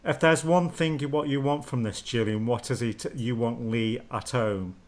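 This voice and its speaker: Male host, gentle and probing, average pitch, a bit hesitant. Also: normal speed. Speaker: interviewer, host. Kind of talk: interview.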